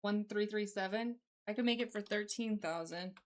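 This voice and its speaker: A woman's voice: mid-range voice, normal speed. A young woman with a light Southern twang, chatting away in a loose, rambling way while she streams from home. She reads her chat aloud and answers it as she goes, talking into a desk microphone in her own everyday voice. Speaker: livestreamer. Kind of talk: casual live-stream chat.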